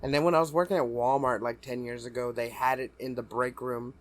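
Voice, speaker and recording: A man's voice: mid-range voice, fairly even intonation, brisk. A young man co-hosting a podcast, rambling and laughing through casual chat. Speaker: podcast co-host.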